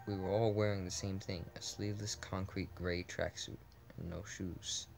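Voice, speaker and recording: A man's voice: sits low, flat delivery, moderate pace, vocal fry, a little mellow, a little hiss or hum. A man reading a text adventure game aloud in a casual let's play, often restarting words and adding asides.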